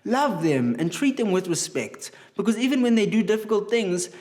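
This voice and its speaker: Lively man telling kids a Bible story. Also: high-pitched, moderate pace. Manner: animated, chatty, asks children questions. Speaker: children's Bible class teacher.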